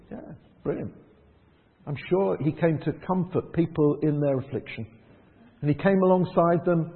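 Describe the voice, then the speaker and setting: Male pastor, chatty sermon style, long reverb. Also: a little high. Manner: conversational, rhetorical questions, acts out quoted voices. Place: church hall. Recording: tinny phone-like sound in a long-echo hall.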